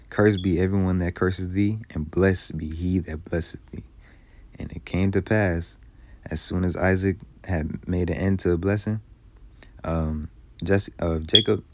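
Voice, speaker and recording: Really deep voiced guy doing a bible reading, slow scripture then casual heated explaining. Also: darkish tone. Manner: reads old scripture slowly, then explains in loose casual speech; heated, emphatic commentary. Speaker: bible teacher.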